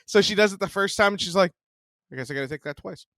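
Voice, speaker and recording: A man in his forties with a high-sitting voice talks at a quick pace on a dry recording with no room sound. He's a podcast co-host telling a story casually, swearing freely, staying animated and often breaking into laughter.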